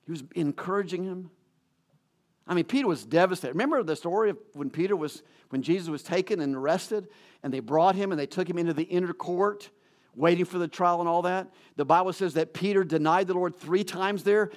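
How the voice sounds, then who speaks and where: A man's voice: high voice, fairly quick. A male pastor giving a sermon in a conversational way, joking about himself and often restarting his sentences. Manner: conversational preaching with self-deprecating jokes and frequent restarts.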